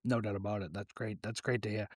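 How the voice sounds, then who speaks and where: A man hosting a podcast interview, relaxed and affirming, filling his questions with "you know". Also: lowish voice, fast talker, husky, dry recording, clean studio sound. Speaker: podcast host.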